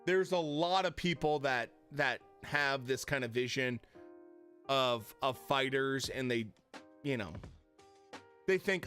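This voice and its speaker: A man's voice: medium pitch, takes it slowly, long pauses, fairly bright tone, soft background music. A man chatting casually on a live stream from his home setup, blunt and profane, getting riled up. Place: home streaming room with lit panel backdrop.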